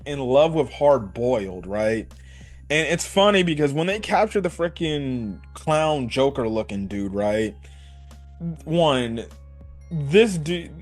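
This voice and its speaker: A young man reviewing an anime episode in casual chat. He swears freely, laughs often, and acts out quotes from the characters. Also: mid-range voice. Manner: loose and profane, with frequent laughs and acted-out quotes.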